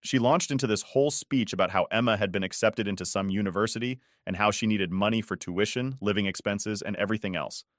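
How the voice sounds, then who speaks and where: A man's voice: lowish voice, fast talker, few pauses, no echo, clean studio sound. A man in his forties narrating a first-person story in a weary, resentful way.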